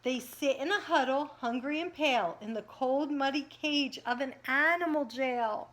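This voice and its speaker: A preschool teacher with a high-pitched voice reads picture books aloud to children at a moderate pace. She's animated and sing-song, pausing between pages to talk with the kids.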